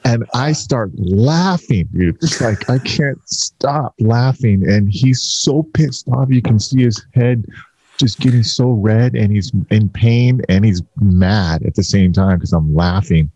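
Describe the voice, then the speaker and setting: A man from California telling a lively work story in a casual chat, acting out the voices in it. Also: lowish voice, slow pace, no room sound. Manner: animated, acts out voices in his stories. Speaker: paintless dent repair technician. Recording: dull lo-fi audio.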